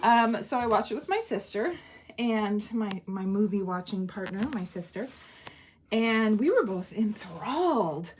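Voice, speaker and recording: A woman casually reviewing an old film in a chatty vlog, animated and laughing often, acting out bits of dialogue. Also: mid-range voice, a little slow, a little hiss or hum.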